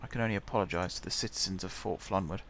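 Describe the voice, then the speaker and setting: A man's voice: sits low, fairly even intonation, racing, fairly bright tone, a little hiss or hum. A man chatting casually as he plays a building game, muttering to himself while he builds. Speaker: gaming channel host.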